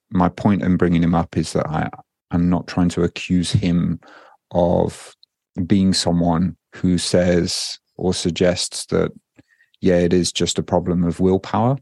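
A man's voice: sits low, gravelly, a little mellow, no echo, studio quality. A man hosting a podcast, reading out listener questions and chatting casually with frequent hesitations. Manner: hesitant, many ums and restarts. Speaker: podcast host.

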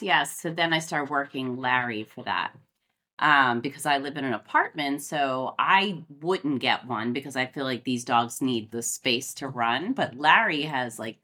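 A woman's voice: rumbling low, sharp tone. A woman co-hosting a podcast, chatting in an upbeat, easygoing way with fillers. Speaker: podcast co-host. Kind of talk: casual podcast chat.

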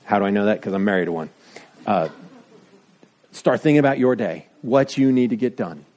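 A middle-aged man preaching a sermon in a conversational, self-deprecating way. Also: fairly quick. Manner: conversational, self-deprecating, lively shifts of pitch. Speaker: pastor.

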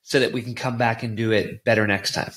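A man hosting a podcast interview, earnest and halting, often restarting his sentences. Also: mid-range voice, fairly even intonation, a bit bright. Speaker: podcast host. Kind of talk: conversational interview.

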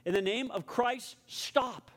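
A male preacher playing an elderly monk who cries out in a loud, urgent plea to stop a fight. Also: very high-pitched, slow, in a large hall, pitched above the performer's own voice. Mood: urgent outcry. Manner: loud, urgent pleading cry.

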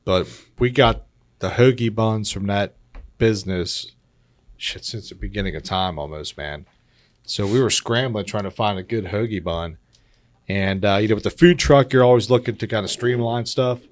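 A man's voice: on the low side, normal speed, dry recording. A man chatting casually as a podcast guest, laid-back, laughing often and tacking "man" onto his sentences. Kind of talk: casual chat.

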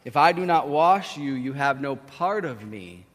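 A man acting out a calm, authoritative teacher who speaks low and measured. A long hall reverb trails after each phrase.

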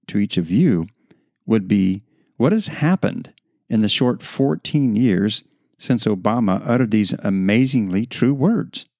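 Male podcast host, low and gravelly, with an earnest, deliberate delivery that leans on rhetorical questions. Dry, close sound. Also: mellow, no room sound. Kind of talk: opinion podcast monologue.

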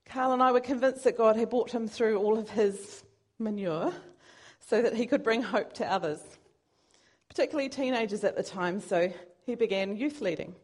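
Her pitch sits fairly high and her pace is moderate, with a darkish tone to the voice. Delivering a sermon, this woman stays earnest and chatty, with the odd self-deprecating joke.

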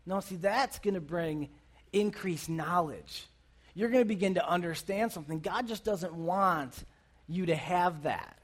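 A man's voice: high voice, unhurried. A man voicing a sly male serpent who coaxes and tempts in a wheedling tone. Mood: coaxing. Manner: wheedling, persuasive.

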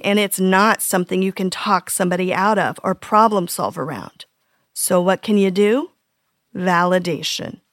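A woman in her fifties hosting a parenting podcast, reading scripted tips in an earnest, gently humorous way. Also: medium pitch, no echo, clean studio sound.

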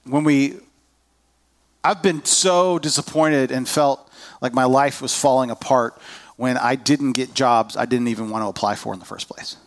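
A man's voice: medium pitch, fairly even intonation, moderate pace. A man preaching a sermon as a pastor, conversational and self-deprecating, acting out people's inner voices.

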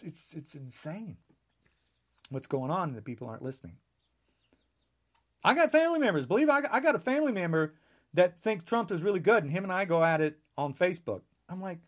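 A man in his sixties delivering a heated, rambling podcast monologue, emphatic and full of restarts. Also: high voice. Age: 60s. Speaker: podcast guest.

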